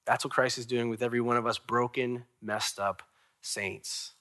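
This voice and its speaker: A young adult man, a pastor preaching a sermon, animated with sudden loud rises and soft drops. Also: mid-range voice, normal speed.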